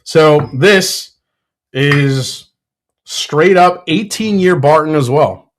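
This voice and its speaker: A man hosting his own whiskey show, tasting bourbons in casual chat, excitable, with frequent fillers and self-corrections. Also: a little high, very slow. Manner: excitable, blurts sports trash talk. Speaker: whiskey reviewer, show host.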